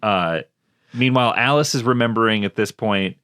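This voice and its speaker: A man's voice: lowish voice, moderate pace, a bit bright, clean tone, no room sound, studio quality. A man co-hosting a casual movie podcast, recapping the plot from his notes with wry asides. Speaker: podcast co-host.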